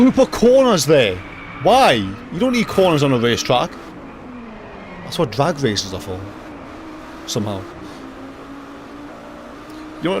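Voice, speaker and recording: A young man streaming a racing game live, joking and talking to himself with excitable reactions. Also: medium pitch, background noise. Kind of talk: live gaming commentary. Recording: loud game music behind voice. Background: racing game music and engine sounds.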